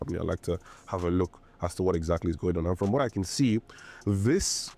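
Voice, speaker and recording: A man's voice: low voice, a little fast, a little mellow. A man presenting a trading video in a hyped, preachy way. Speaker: trading educator.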